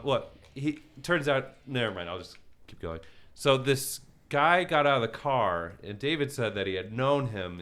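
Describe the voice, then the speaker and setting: A man co-hosting, telling a rambling, profane story in casual chat over gameplay, full of "like" and loud acted-out quotes. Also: fairly low pitch. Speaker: co-host.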